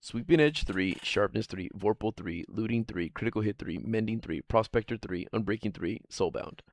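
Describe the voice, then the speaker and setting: A man's voice: on the low side, moderate pace, no echo. A man streaming live, chatting casually in a rambling, profane way and laughing often as he answers chat. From Guam.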